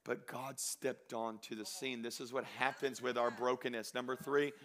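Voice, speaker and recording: A man preaching a sermon, moving between loud exhortation and quiet storytelling, drawing out key phrases slowly. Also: mid-range voice, flat delivery. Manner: slows down and stretches phrases for emphasis. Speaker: pastor.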